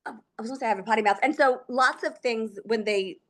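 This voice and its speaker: A woman's voice: on the high side, quick pace, fairly bright tone. A woman from Texas with a Texan accent, a podcast guest chatting casually, giggling and rambling as she loses her train of thought. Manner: giggly, rambling, self-interrupting. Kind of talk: casual chat.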